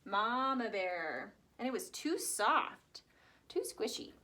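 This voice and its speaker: A woman telling a fairy tale to children, animated and asking her young listeners questions. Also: mid-range voice, slow. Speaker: children's storyteller. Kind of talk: reading a story aloud to children.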